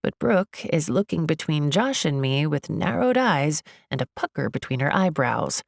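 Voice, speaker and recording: A woman narrating a first-person romance audiobook in a measured, wry manner. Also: low voice, sing-song, creaky, dry recording, studio quality.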